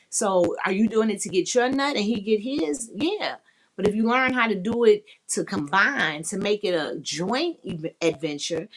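A woman hosting a podcast and chatting casually with listeners, talking in a blunt, explicit, candid and playful way. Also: medium pitch. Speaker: podcast host. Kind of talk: frank casual live chat.

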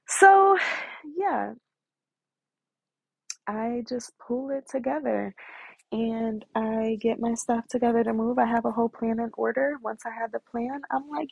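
A woman's voice: fairly high pitch, a little slow, vocal fry, long pauses, darkish tone, slightly rough, no echo, lo-fi sound. A woman in her twenties candidly telling her personal story in casual, emotional talk full of slang and fillers.

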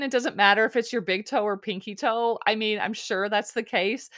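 This podcast host is a woman with an expressive, mid-range, slightly bright voice at normal speed. Her casual recap is chatty and rambling, with many restarts and a bit of swearing.

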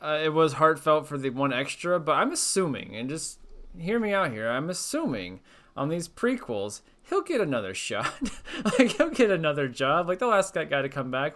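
A man's voice: fairly high pitch, sing-song, normal speed, fairly bright tone. A man in casual podcast chat, a little tipsy, rambling and joking as he trails off.

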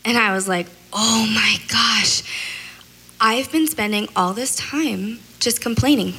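A woman's voice: fairly high pitch, expressive, moderate pace, slightly rough, poor audio. A woman giving a casual devotional talk about her faith, chatty and rambling, with lots of "like" and "you know". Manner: processes out loud, talks a lot. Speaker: speaker sharing a faith testimony.

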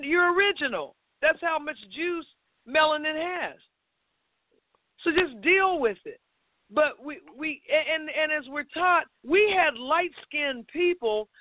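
High emphatic woman on a phone line. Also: no room sound. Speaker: speaker taking calls on a phone-in program. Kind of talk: call-in talk.

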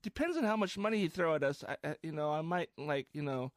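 A man's voice: on the high side, expressive, quick pace, no echo, studio quality. A man hosting a podcast in casual chat, laughing easily and swearing offhandedly. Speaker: podcast host.

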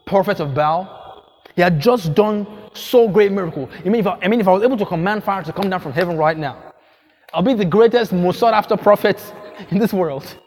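A man's voice: high-pitched, a little mellow. A man preaching a sermon as pastor, emphatic, repeating phrases and asking the congregation questions.

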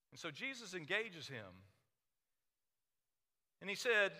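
Male pastor, sermon delivery; bright tone, slightly high-pitched, swings from hushed to loud. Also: very animated, takes it slowly, long pauses. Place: church sanctuary. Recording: echoey hall reverb.

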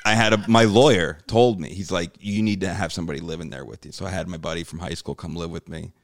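A man's voice: sits low, fast talker, dry recording, studio quality. A male comedian telling a story on a casual podcast. He swears freely and acts out other people's lines as he goes. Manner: animated, swears freely, acts out quoted dialogue. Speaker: guest comedian.

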